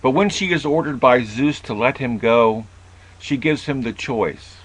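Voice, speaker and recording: A man giving a reflective philosophical monologue as a video essayist, measured and thoughtful, with occasional restarts. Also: medium pitch, animated, rough recording.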